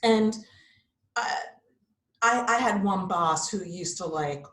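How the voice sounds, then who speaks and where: A woman's voice: mid-range voice, slow pace, a bit bright. Chatty woman in her fifties, roomy sound. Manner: candid, chatty, frequent likes and you-knows. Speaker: yoga instructor, guest. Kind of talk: casual interview chat. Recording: roomy echo.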